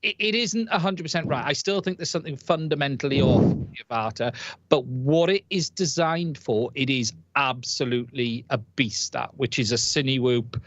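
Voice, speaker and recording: A man's voice: medium pitch, a bit bright, dry recording. A man on a live stream panel, talking keenly about drones and often restarting his sentences. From United Kingdom. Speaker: guest drone pilot.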